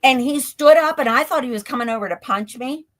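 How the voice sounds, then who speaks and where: Talking briskly in a high-pitched, fairly bright voice, this woman is a ghost tour guide guesting on a live stream via a remote call. She tells stories casually in interview style, saying "like" a lot and laughing frequently.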